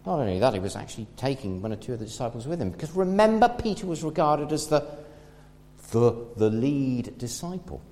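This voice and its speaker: A man preaches a sermon, retelling a Bible story with lively, animated pitch. His voice swings from loud to hushed as he tells it. The sound carries a long hall reverb. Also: a little hiss or hum.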